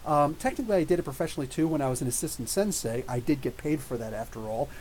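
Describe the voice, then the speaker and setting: A middle-aged man hosting a live question-and-answer podcast, ranting in an animated, profane, mocking way. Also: a little high, quick pace, a little hiss or hum, low-quality recording. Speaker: podcast host. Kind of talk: live Q&A rant.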